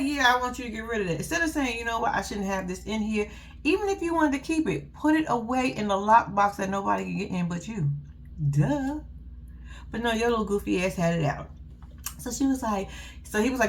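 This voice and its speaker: Sassy, lively woman recapping reality TV. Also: a little high, a little fast, slight background noise. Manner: sassy, blunt, laughing asides, profane. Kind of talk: casual recap commentary.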